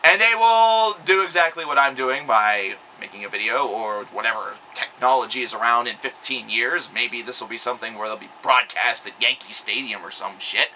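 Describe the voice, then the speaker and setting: A man's voice: mid-range voice, moderate pace, hardly any pauses, pushed and bright, a little hiss or hum, rough recording. A young man delivering an angry, sarcastic, profanity-laced vlog rant. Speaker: video blogger. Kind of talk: ranting vlog monologue.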